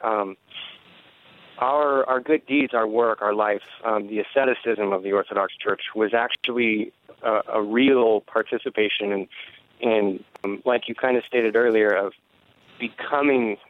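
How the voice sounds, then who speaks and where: A man's voice: fairly low pitch, no room sound. Hesitant male caller on a phone line. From San Diego area. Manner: hesitant, many fillers. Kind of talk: call-in question.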